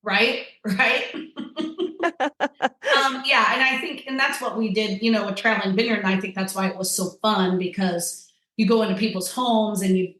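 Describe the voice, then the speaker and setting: A woman's voice: medium pitch, moderate pace, fairly bright tone. A woman chatting casually as a podcast guest, rambling with lots of fillers. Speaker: guest, tasting-room wine server. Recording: echoey room.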